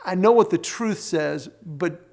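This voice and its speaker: Man, higher voice, marriage seminar presenter, faith-based teaching, earnest, conversational storytelling. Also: measured pace, gravelly, a little mellow.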